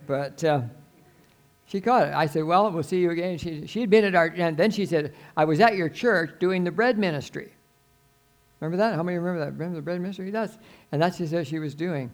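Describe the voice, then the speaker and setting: An older man preaching a sermon as pastor, earnest and pleading, his voice swelling suddenly loud and then dropping soft. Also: a little high, fairly quick.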